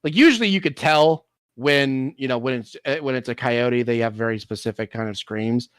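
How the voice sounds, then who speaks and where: A man's voice: medium pitch, normal speed, clear, resonant tone, no echo. Dry-sounding man rambling casually. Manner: rambling, restarts, swears casually. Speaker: streamer host. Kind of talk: casual chat.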